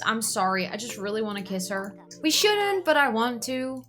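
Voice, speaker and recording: A young woman giving casual commentary on a life-simulation game, gushing and excitable as she talks to her viewers. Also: a little high, moderate pace, few pauses, faint music behind. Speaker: gaming YouTuber.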